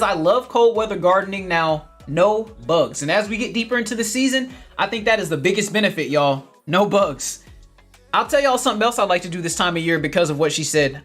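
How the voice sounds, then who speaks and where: A man's voice: high-pitched, a bit bright. A man, hosting a casual livestream, upbeat and laughing often as he reads viewer comments. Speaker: livestream host reading chat.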